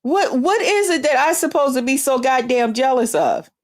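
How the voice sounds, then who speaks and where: A woman's voice: high-pitched, expressive, moderate pace. A woman hosting her own stream, delivering an angry, profane rant that taunts a rival. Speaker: online streamer.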